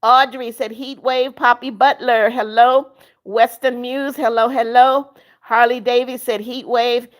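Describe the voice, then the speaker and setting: A woman's voice: a little high, little pitch movement, unhurried. Older woman hosting a live chat. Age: 70s. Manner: reads viewer comments aloud, greets viewers by name; sings happy birthday softly. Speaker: livestream host. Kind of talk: casual live-chat reading.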